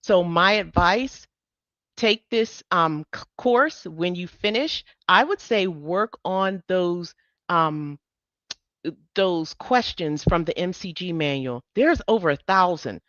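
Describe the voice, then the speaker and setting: A woman's voice: lowish voice, animated, takes it slowly, a bit bright, no room sound, muffled recording. Upbeat woman teaching an online class. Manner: upbeat, encouraging, emphatic. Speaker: medical coding instructor.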